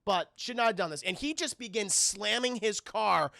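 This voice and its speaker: A young man recapping a cartoon episode for his live chat, excitable and profane, breaking into voices for the characters. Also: sits high, normal speed, gravelly, no echo, clean studio sound. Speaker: streamer reviewing a cartoon.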